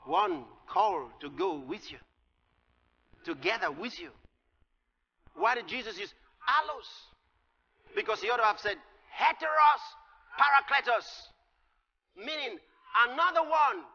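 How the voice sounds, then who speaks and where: A man preaching a sermon, explaining scripture with emphatic delivery that rises to shouts. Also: high-pitched, expressive, measured pace, long pauses. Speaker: pastor. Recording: lo-fi recording with long hall reverb.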